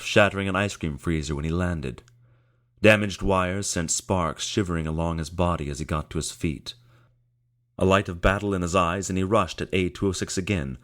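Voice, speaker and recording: A man narrating an audiobook in a measured, steady storytelling manner. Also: low voice. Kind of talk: scripted narration.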